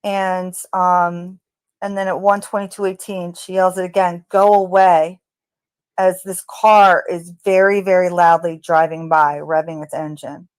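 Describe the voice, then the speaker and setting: A woman's voice: lowish voice, level tone, measured pace, clear, resonant tone, dry recording. A woman narrating her analysis of crime-scene audio, speaking tentatively with fillers and speculation. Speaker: true crime commentator.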